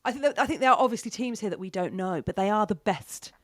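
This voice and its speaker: A woman hosting a podcast, excitable and jokey in casual chat. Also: medium pitch, no echo, studio quality. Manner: excitable, jokey, quick restarts. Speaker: podcast host.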